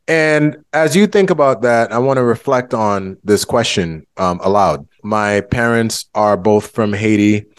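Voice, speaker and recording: A man from the United States hosting a conversational interview podcast, speaking in a thoughtful, expressive way and shifting his pitch to make a point. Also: a little slow, few pauses, clean tone, no room sound, clean studio sound. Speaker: podcast host.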